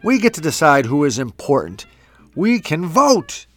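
A man's voice: a little high, big pitch swings, measured pace, soft background music. A man voicing an eager, clever good male dog in a storybook reading.

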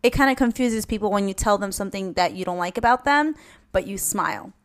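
A woman's voice: medium pitch, brisk. A young woman hosting an advice podcast, talking frankly and casually, swearing at times and acting out what she would say. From Latina. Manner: frank, animated, swears casually, acts out her own comebacks. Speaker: podcast host.

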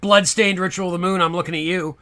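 A man's voice: high-pitched, fairly even intonation, fast talker, sharp tone. A man co-hosting a podcast in casual chat, joking crudely and laughing often. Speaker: podcast co-host.

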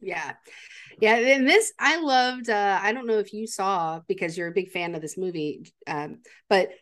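A woman's voice: medium pitch, normal speed. A woman with a mid-range voice retells a film with eager enthusiasm in a casual podcast chat. She acts out the characters' lines as she goes. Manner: enthusiastic, animated storytelling with acted-out quotes. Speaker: podcast co-host. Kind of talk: casual movie recap chat.

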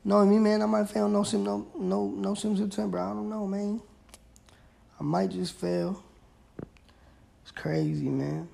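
A man's voice: high-pitched, fairly even intonation, unhurried, vocal fry, pauses often, dark tone. A young man hosting his own podcast, chatting casually and rambling in laid-back slang. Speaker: podcast host. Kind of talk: casual solo podcast chat.

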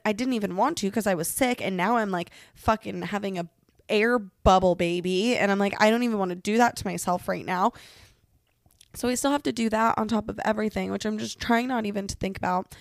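A woman's voice: mid-range voice, gravelly, dry recording, studio quality. A young woman hosting a podcast, venting alone in her bedroom while sick, profane, rambling and self-mocking. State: sick and congested. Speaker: podcast host. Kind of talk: casual venting monologue.

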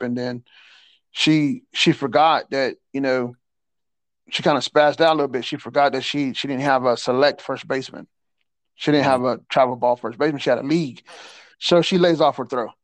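A man telling a coaching story in a casual chat, animated and slangy, stumbling over repeated words and laughing often. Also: mid-range voice, clean tone, dry recording. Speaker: podcast guest, assistant softball coach.

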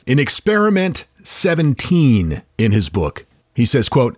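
A man's voice: a little slow, breathy edge, dry recording, clean studio sound. A man with a Maine accent chatting as a podcast co-host, telling stories and slipping into comic voices. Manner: lively storyteller, slips into high-pitched character voices. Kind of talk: casual chat.

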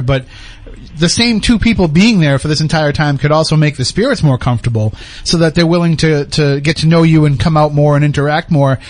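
Fast-talking, teasing podcast host man. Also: a little high. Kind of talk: casual podcast chat.

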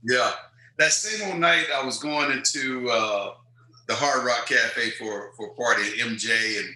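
A man's voice: medium pitch, a little slow, reverberant, poor audio. A man, telling stories as an interview guest and acting out quotes. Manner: animated storyteller, acts out quotes. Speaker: guest, former football player. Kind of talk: storytelling interview.

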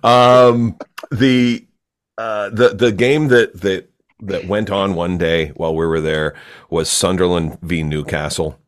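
A man's voice: sits low, fairly even intonation, slow pace. A man chatting casually as a podcast co-host, telling laid-back anecdotes with wry asides. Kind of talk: casual chat.

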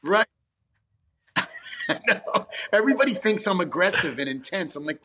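A man's voice: high voice, expressive, moderate pace, bright, forceful tone. A man, an actor guest talking casually in an interview, rambling with restarts and frequent swearing. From New York, USA.

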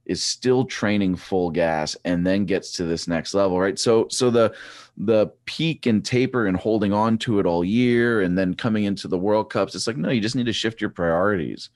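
A man in his forties, a former track cyclist, chatting as a podcast guest and telling rambling, animated stories with many restarts. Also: fairly low pitch, normal speed, no room sound, clean studio sound. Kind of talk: casual chat.

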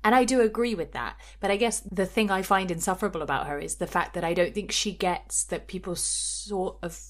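A woman's voice: lowish voice, a little fast. A woman co-hosting a podcast in casual pop-culture chat, gossipy and given to acting out quotes. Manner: gossipy, acts out quotes in bursts. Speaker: podcast co-host.

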